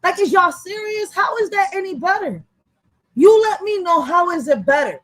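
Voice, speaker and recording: A high-pitched young woman rants on a livestream, animated, profane and heated. The recording is dry and close, with almost no room sound. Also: moderate pace, no room sound, rough recording. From Philadelphia. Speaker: vlogger. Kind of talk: livestream rant.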